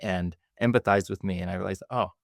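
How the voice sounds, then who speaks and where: A man hosting a podcast, speaking in a measured, reflective way with small hesitations. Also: sits low, fairly even intonation, vocal fry, dry recording, studio quality. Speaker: podcast host. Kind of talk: reflective conversation.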